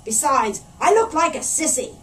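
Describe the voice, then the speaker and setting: Lady putting on a loud blustery pirate captain, bouncy voice, storybook read-aloud, mic kinda far off. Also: high voice, very animated, normal speed, pitched above the performer's own voice. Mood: blustering. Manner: bellowing, blustery. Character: loud gruff hairy male pirate captain. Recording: distant mic, faint room noise.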